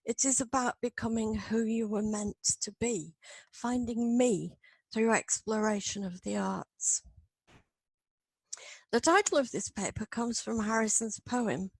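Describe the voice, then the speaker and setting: A middle-aged woman academic reading her paper aloud in a measured, earnest way. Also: on the high side, gravelly, a little mellow, no room sound, low-quality recording. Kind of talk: read-aloud lecture.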